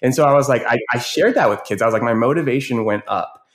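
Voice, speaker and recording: A man's voice: mid-range voice, fast talker. A male educator, a podcast guest, telling stories in casual conversation and acting out the children he quotes. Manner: animated storyteller, quotes kids in raised voices.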